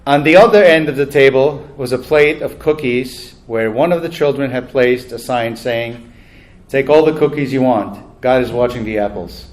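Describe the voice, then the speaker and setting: A man's voice: mid-range voice, normal speed. A man acting as master of ceremonies at a banquet, telling jokes in a chatty, self-deprecating way and laughing at his own punchlines. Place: banquet hall.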